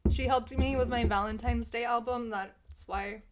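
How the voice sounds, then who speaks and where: A young woman vlogs from home into a desk mic while wearing headphones, rambling casually and putting herself down with lots of fillers. Her fairly high voice stays steady at normal speed over a noisy background.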